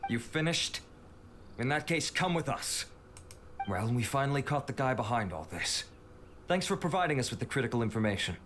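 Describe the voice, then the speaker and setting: Man doing a stern formal officer in a game, steady voice, faint hiss. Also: mid-range voice, normal speed, natural voice. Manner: formal, businesslike.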